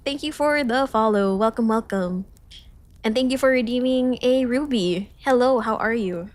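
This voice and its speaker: A young woman from the Philippines on a study livestream, reading notes aloud and breaking off for giggly, self-conscious greetings to chat. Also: moderate pace. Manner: reads lessons aloud, then jumps to high cheerful greetings to chat. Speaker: streamer.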